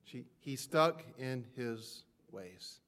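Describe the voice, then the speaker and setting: A man preaching a sermon to a congregation. He leans hard on key words, swings between loud peaks and near-whispered drops, and acts out the doubts of his listeners as quoted prayers. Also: mid-range voice, expressive, extremely slow. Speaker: pastor.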